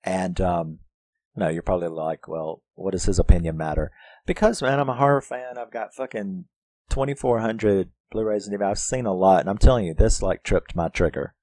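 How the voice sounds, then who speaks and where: Fairly quick and animated, a man on the low side of the pitch range talks through a horror movie with plenty of swearing and laughter. He acts out scenes by quoting characters in put-on voices; the tone is darkish and the recording dry.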